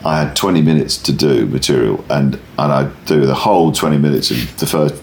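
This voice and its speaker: A man with a very low voice tells a story about his stand-up gigs, chatty and full of restarts. The sound is roomy, with a faint hiss underneath. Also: a little fast. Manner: rambling, self-interrupting, animated anecdote teller. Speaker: stand-up comedian. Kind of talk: conversational interview storytelling.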